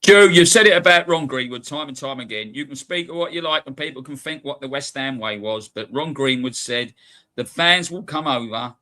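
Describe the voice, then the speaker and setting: Bright-voiced man reminiscing. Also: mid-range voice, fairly quick, hardly any pauses, no room sound. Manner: reminiscing, asks for agreement. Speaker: podcast co-host. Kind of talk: casual chat.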